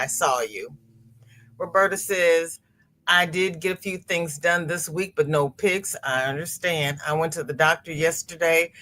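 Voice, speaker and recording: Older woman, live-stream host, slow unhurried delivery, somewhat low but bright voice, chatty and sympathetic. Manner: chatty, sympathetic, greets viewers by name. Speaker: crochet livestream host. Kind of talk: casual live-stream chat reading viewer comments.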